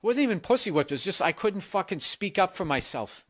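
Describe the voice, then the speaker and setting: A man's voice: high-pitched, big pitch swings, fast talker, sharp tone, no room sound. A man hosting a podcast who gives crude, blunt advice in a rambling, profane rant into a close mic. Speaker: podcast host giving advice.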